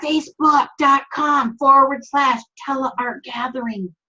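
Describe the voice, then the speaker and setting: A woman's voice: high-pitched, steady tone, measured pace, bright, forceful tone. A woman with a Minnesotan accent hosting a live stream, chatting in an upbeat, rambling way over a video call. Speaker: host. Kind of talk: casual live-stream chat. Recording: dull video-call audio.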